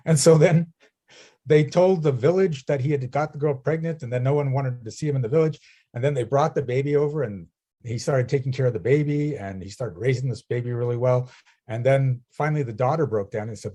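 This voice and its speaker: Warm, husky male business coach. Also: mid-range voice, a little fast. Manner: storytelling, asks "right?" often. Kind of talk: coaching session.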